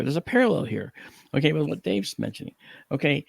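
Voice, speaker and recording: A middle-aged man on a talk panel, telling a story with animated, acted-out dialogue and frequent 'okay?' check-ins. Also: on the high side, brisk, creaky, no room sound, studio quality. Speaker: panel guest.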